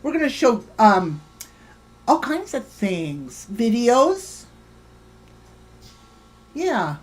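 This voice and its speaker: A woman hosts a livestream in a heated, swearing rant. She keeps breaking off to thank and greet viewers in her chat by name. Her voice sits a little high. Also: big pitch swings, drawn-out words. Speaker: livestream host.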